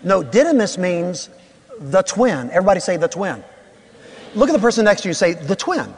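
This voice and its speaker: A man preaching a sermon in a church, playful and animated, calling on the congregation to answer back. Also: high voice, fairly quick, husky. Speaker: pastor. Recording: long reverb of a large hall.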